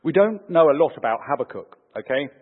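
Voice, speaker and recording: A man preaching a sermon, animated, lifting his voice for emphasis and dropping it low to end his points. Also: fairly quick, husky. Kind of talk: sermon with opening prayer. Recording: phone-like sound with long hall reverb.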